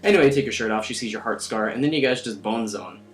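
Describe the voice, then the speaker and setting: A man's voice: lowish voice, quick pace. A young man giving a rambling, sarcastic, crude recap of a game as the host of his own video. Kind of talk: casual game recap commentary.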